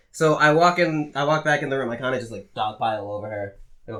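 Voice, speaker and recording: Podcast host, male, animated storyteller with a bright, lively delivery. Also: mid-range voice, fast. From Massachusetts. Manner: animated, acts out voices in his stories. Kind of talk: casual storytelling chat.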